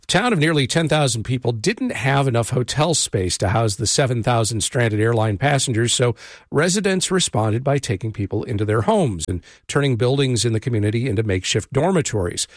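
Man, radio host, dry close sound, measured intro, conversational questions. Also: medium pitch, animated, no room sound. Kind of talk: radio interview.

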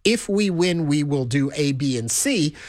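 A man hosting a call-in radio talk show, with a slightly higher voice than most men. He speaks in a measured, conversational way from a close studio mic, and the sound is dry and close. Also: animated, no room sound. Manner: measured, conversational, invites callers.

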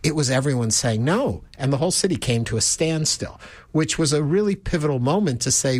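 A man's voice: mid-range voice, fairly quick, no room sound. An earnest male talk-show host with a mid-range voice, thinking aloud in long, winding points. He speaks steadily and reflectively, pressing a serious argument. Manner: earnest, musing, builds long run-on points.

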